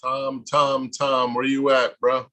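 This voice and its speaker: A man's voice: mid-range voice, monotone, slow pace, fairly bright tone. A man hosting a casual podcast, reacting bluntly to a guest's story and swearing freely. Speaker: podcast host.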